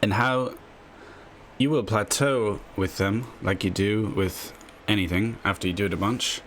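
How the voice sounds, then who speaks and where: A man's voice: fairly low pitch, measured pace, fairly bright tone, a little hiss or hum. A man hosting a casual chess video, rambling through his tips at his desk and tagging his lines with a questioning "yeah?". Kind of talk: casual screen-share explainer.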